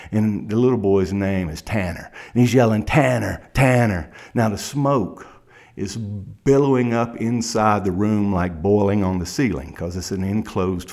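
A man with a Kentucky accent, a criminal defense lawyer, telling a courtroom story in a dramatic present tense. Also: fairly low pitch.

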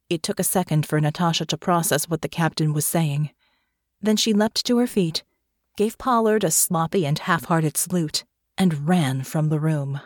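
A woman giving scripted fantasy narration for an audiobook in a measured, steady way. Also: deep voice, no room sound, clean studio sound.

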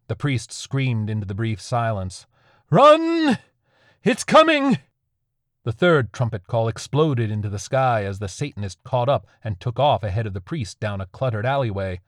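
A man narrating a dark horror story in a measured, grim way. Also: lowish voice, no echo, studio quality.

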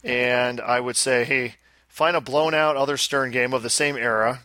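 A man's voice: mid-range voice, fairly even intonation, pushed and bright, dry recording. A man co-hosting a casual podcast, rambling and joking about pinball machines. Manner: rambling, joking, fast asides. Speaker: podcast co-host. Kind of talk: casual chat.

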